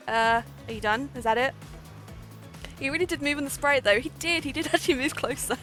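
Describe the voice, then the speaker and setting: A woman's voice: sits high, a little fast, over music. Giggly woman game streamer. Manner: giggly, lively. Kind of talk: casual game-stream chat.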